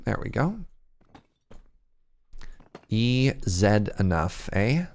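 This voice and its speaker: A man's voice: fairly low pitch, big pitch swings, drawn-out words, a little mellow. A young man from Canada streaming a building game, chatting casually with viewers, thinking aloud and poking fun at himself. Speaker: Minecraft streamer. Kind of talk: casual gameplay chat with chat.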